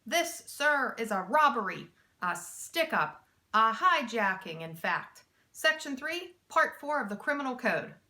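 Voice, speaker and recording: A woman's voice: fairly high pitch, very animated, unhurried, pushed and bright, full character voice. A woman doing a polite, fussy hijacker man. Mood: mock formal. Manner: formal, fussy, long-winded. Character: polite, wordy adult male truck hijacker.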